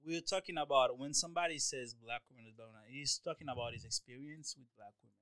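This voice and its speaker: A man's voice: mid-range voice, fast talker, fairly bright tone, rough recording. A man in a heated casual debate, pushing his point and repeating his questions.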